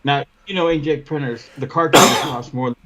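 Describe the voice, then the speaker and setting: A man's voice: medium pitch, moderate pace, pushed and bright. A man co-hosting a podcast, swearing freely as he tells stories and acts out both sides of his run-ins. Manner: profane storyteller who acts out both sides of his arguments. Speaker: podcast co-host. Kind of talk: casual chat. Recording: dull lo-fi podcast audio.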